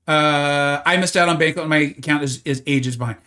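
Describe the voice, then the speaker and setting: A man with a fairly high, pushed, bright voice streams a video game live at a moderate pace. He chats casually, answers viewers' comments while playing, and restarts often.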